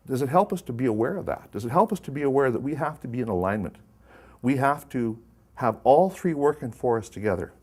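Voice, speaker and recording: A man presenting a live workshop to an audience, talking conversationally and putting questions to the room. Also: medium pitch.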